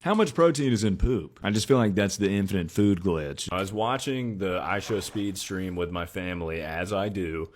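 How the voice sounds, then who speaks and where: A man's voice: low voice, normal speed, hardly any pauses, a little hiss or hum. A young man streaming, chatting casually and tossing out crude, offhand jokes. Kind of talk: casual live-stream chat.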